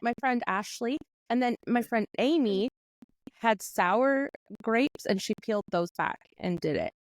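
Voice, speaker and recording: Woman from Canada, guest author, deadpan jokes, casual podcast chat, dry close sound. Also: a little high, a little slow, dry recording. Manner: deadpan, joking.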